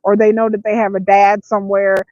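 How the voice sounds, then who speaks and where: A woman's voice: mid-range voice, flat delivery, fairly quick, darkish tone, no room sound, dull audio. A middle-aged woman from the Detroit area talking candidly to camera, telling stories with many restarts and voiced asides. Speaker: vlogger. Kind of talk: casual talk to camera.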